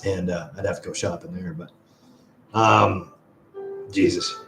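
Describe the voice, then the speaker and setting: A man with a lowish voice hosts a casual live stream, wandering through stories and cursing as he goes. His voice rings around a roomy, echoey space, with faint music playing underneath. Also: fairly even intonation, measured pace, gravelly. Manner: rambling, swears freely, storytelling. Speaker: livestream host.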